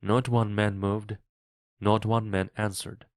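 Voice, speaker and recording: A man reads a simplified adventure book aloud for learners, very slowly and clearly. His voice sits somewhat low, and the recording is dry and close, with no room sound. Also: no echo. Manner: slow, clear and even reading. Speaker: English teacher reading a graded book. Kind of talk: slow read-aloud narration for learners.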